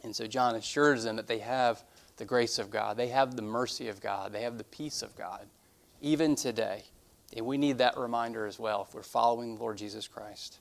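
A man preaching a sermon as a pastor in a church, earnest and emphatic, repeating key phrases. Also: medium pitch. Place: church sanctuary.

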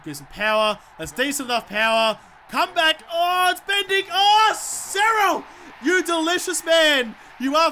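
A man giving excitable let's-play commentary, swearing and shouting at the game as he plays. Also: high voice, a little hiss or hum. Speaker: gamer.

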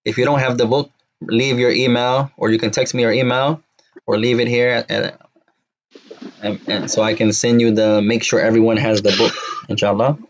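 A man teaching an Arabic lesson, repeating words slowly and drilling phrases to his students. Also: mid-range voice, level tone, highs cut off. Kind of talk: classroom lesson.

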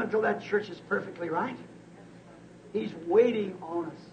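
A male preacher delivering a sermon, telling a story with many repeated "said"s and swinging from hushed tones to shouts. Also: high voice, moderate pace. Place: church service. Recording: dull lo-fi archive tape with faint hiss.

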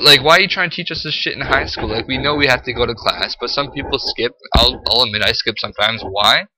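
A teenage high school boy ranting to camera, profane and exasperated, full of "like" and "freaking". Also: pushed and bright, low-quality recording. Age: teens. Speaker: high school student vlogger.

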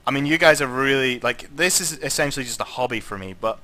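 Scottish man, young, gameplay commentary, tipsy, sweary, excitable, bright edgy voice, faint music behind. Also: medium pitch, fast talker. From Scotland. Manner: excitable, sweary and jokey, swings from muttering to shouting. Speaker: gaming YouTuber.

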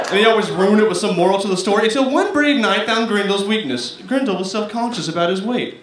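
A man's voice: high-pitched, animated, fast talker, hardly any pauses. A young man from Arkansas doing a stand-up set, rambling and self-mocking with lots of fillers. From Arkansas, United States. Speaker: stand-up comedian. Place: comedy stage. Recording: echoey room from far, clear noise.

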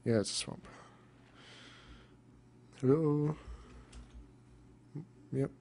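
A young man rambling through casual let's-play commentary, deadpan and cursing now and then. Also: mid-range voice, drawn-out words, gravelly. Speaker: gamer.

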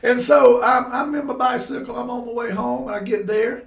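A man, a podcast guest, telling a personal story with lively, laughing energy and casual exclamations like "bro". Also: extremely high pitch, moderate pace, gravelly. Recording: roomy sound from a distant mic.

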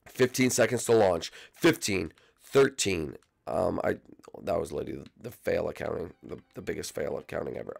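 A young man giving excited, repetitive game commentary, jumping to squeaky shouts now and then. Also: gravelly. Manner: hyped, repeats phrases, jumps to squeaky shouts. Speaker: gaming YouTuber.

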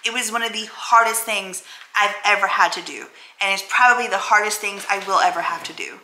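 A woman's voice: medium pitch, fairly quick, pushed and bright, slight background noise. A woman vlogging straight to camera, emotional, blunt and self-affirming, who cusses freely. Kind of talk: candid talking-to-camera vlog. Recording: roomy echoey room.

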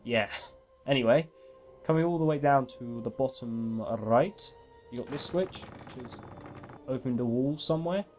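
A man's voice: medium pitch, measured pace, long pauses, darkish tone, faint music behind. A man hosting a game walkthrough in casual gameplay commentary, chatty and self-mocking, laughing often.

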